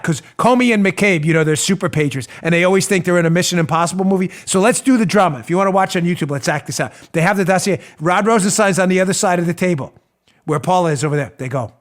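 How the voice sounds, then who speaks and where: Sarcastic high-voiced male talk host. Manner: sarcastic, animated, mocking. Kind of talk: political talk show commentary.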